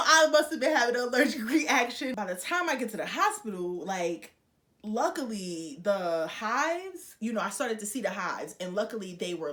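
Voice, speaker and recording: A young woman vlogger telling a personal story to her viewers, chatty and animated, acting out the voices of the people in it. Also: medium pitch. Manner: chatty, speaks straight to viewers with frequent fillers. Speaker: YouTuber. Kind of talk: casual storytelling vlog.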